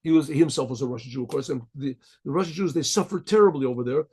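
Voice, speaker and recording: A man's voice: mid-range voice, very fast, dark tone, breathy edge. A rabbi telling a story in a rambling, chatty way, chuckling as he goes.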